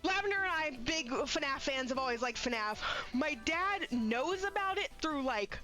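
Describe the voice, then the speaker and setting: A young adult woman chatting casually on a live stream, rambling and animated, swearing freely and laughing often. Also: sits high, a little slow. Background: faint music.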